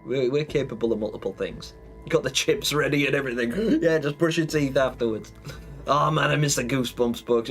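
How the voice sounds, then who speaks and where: A man's voice: a little high, normal speed, soft background music. Chatty, rambling man on a live stream. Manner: chatty and rambling, laughs often. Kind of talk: casual live-stream chat, reading viewer comments.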